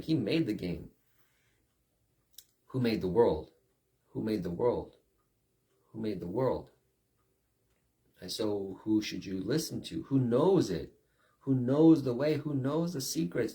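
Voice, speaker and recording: A man preaching in a loose, conversational sermon, his voice sitting on the low side. He keeps checking in with his listeners and slips into quick acted lines along the way. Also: expressive, darkish tone. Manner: conversational preaching with acted-out quotes and repeated "right?".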